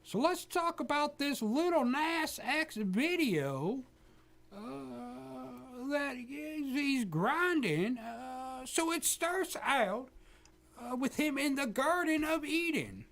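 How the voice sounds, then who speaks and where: A man putting on the voice of a prudish, bigoted older male televangelist in a comedy radio bit, talking in a high stammering drawl. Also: animated, slow, creaky, a bit bright, exaggerated voice. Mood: exasperated.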